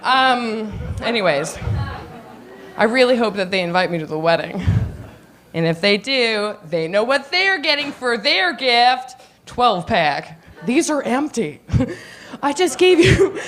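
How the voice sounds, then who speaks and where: Her voice is a little high and somewhat bright as this young stand-up comedian performs her set for a live crowd at a comedy venue. Giggly and bubbly, she slips into little character voices throughout.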